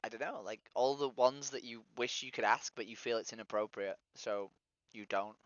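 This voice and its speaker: A woman's voice: very deep voice, moderate pace. An English woman streaming on a random video-chat site, talking in a blunt, chatty, sweary way. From England. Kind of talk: casual video-chat conversation. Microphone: computer mic on a video call. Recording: dull lo-fi stream audio.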